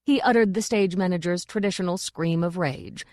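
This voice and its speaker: Woman audiobook narrator, measured and expressive, lowish pitch, dry close sound. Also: no echo. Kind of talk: scripted narration.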